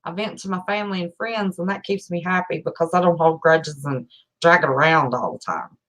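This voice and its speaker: A woman's voice: lowish voice, a little fast, fairly bright tone, rough recording. An older woman hosting a casual chat, folksy and chatty, laughing often. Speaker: host.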